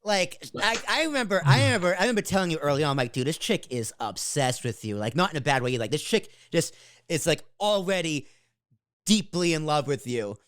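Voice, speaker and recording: A young man who is a podcast guest, chatting casually and teasing his friend with quick, swearing asides. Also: on the high side, lively intonation, a bit bright, clear, resonant tone, no room sound. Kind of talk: casual chat.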